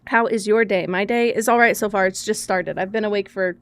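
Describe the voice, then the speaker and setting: A woman's voice: mid-range voice, steady tone, fairly quick, a bit bright, no echo. A young woman streaming a video game, chatting casually with her viewers, laughing often and swearing freely.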